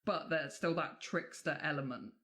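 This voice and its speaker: A woman's voice: low voice, normal speed, a bit bright. A woman from England, a podcast co-host telling folklore tales in a chatty way with casual swearing and many fillers.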